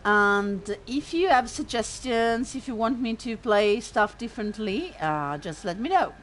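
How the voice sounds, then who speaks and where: A woman streaming a video game, chatting casually in a halting way and laughing easily. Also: a little high, animated, a little hiss or hum. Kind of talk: casual gameplay commentary.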